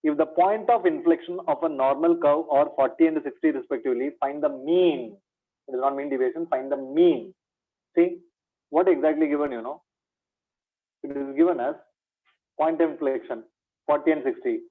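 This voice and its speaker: A man's voice: a little high, moderate pace. A man with an Indian English accent teaching an exam revision lecture, asking questions and answering them himself, calling students "my dear". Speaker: maths teacher. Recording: tinny phone-like online lecture audio.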